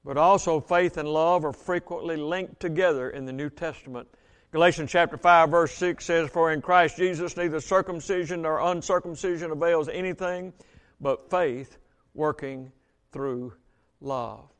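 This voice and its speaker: High-voiced preacher slowing for emphasis. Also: male voice, fairly even intonation, clear, resonant tone. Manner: reads scripture aloud, slows for emphasis, asks congregation questions. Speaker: Baptist pastor. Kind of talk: sermon.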